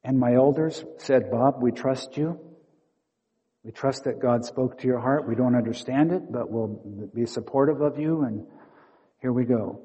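A man preaches to fellow pastors, telling stories and acting out inner dialogue, one moment hushed and the next loud. His voice is dark and mellow, mid-pitched, and it carries with a long echo through a large sanctuary. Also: a little slow. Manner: storytelling, acting out inner dialogue with shifting loudness. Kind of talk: sermon. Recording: long hall reverb.

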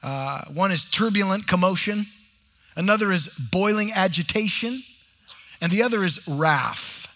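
A man's voice: sits high, expressive, a little slow, sharp tone. A middle-aged male pastor preaching a sermon in a church, acting out short bits of dialogue as he goes.

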